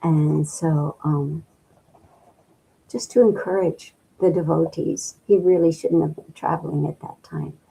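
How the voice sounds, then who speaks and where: An older woman from the midwestern US recalls her past in an interview, her voice low and gravelly with a husky edge. She talks slowly and thoughtfully, pausing often and filling the gaps with soft fillers. Her tone is dark and mellow. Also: steady tone, low-quality recording. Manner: slow and reflective, with many pauses and fillers. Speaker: interview guest. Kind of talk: reminiscing in an interview.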